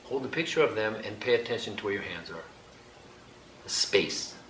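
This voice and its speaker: A man leading a group exercise in a hall, giving slow, gentle instructions with light laughter. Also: on the low side, animated. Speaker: workshop leader. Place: hall with an audience. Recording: echoey room, background noise.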